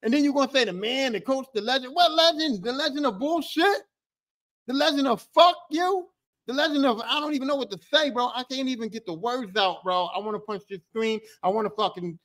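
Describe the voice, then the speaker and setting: A man's voice: very high voice, a bit bright. A man hosting a podcast alone, ranting in a heated, profane, repetitive way. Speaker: podcast host. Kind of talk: angry solo podcast rant.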